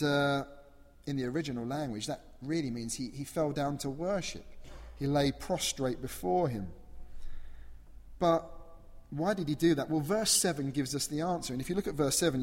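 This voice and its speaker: Earnest preacher in an echoing hall. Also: male voice, on the high side, moderate pace. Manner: earnest, emphatic, uses rhetorical questions. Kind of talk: sermon. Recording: long echo of a large hall.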